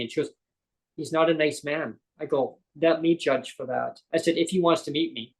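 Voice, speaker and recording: In a low-quality recording, a man with a fairly high-pitched, brisk voice guests on a live interview show. He tells a personal story in a rambling way, frequently correcting himself and performing the quoted lines.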